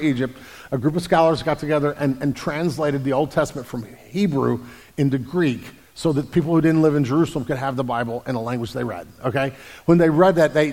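Pastor answering questions in a reverberant hall. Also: male voice, a little high. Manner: explanatory, repeats words when restarting. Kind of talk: Q&A about the Bible.

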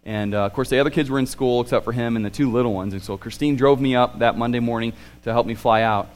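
A man in his thirties preaching a sermon, animated and swinging between excited and hushed. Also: mid-range voice, fast. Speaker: pastor.

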